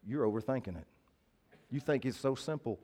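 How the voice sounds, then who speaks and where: A man's voice: medium pitch, expressive, brisk, warm tone. A male preacher, giving a sermon in a casual, folksy way and often asking his listeners to agree. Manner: conversational, folksy, asks the crowd to agree.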